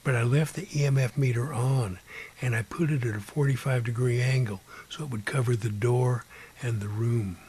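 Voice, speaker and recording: A man telling his own ghost story in an unhurried way, sometimes dropping to a whisper and imitating beeping sounds. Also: mid-range voice, steady tone, a little hiss or hum. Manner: drops to a hushed whisper at times. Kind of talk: personal ghost story told aloud.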